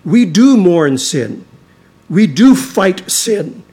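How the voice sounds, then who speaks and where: A man preaching a sermon as a pastor, earnest and emphatic, with frequent restarts and stretches where he drops to a quieter, intense delivery. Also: sits high, big pitch swings, drawn-out words, slightly rough.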